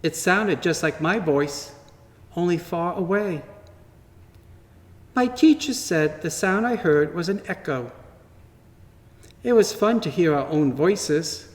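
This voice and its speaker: A man slowly and gently reading a children's story aloud at church, in a wondering tone with pauses. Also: a little high, expressive. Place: church sanctuary. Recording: long reverb from a large hall.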